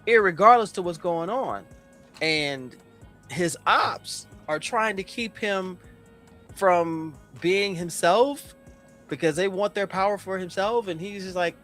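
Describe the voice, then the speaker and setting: A man co-hosting a casual comic review podcast, animated and profane, acting out characters as he talks. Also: high voice, measured pace, soft background music. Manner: animated, profane, acts out characters mid-story. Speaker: podcast co-host.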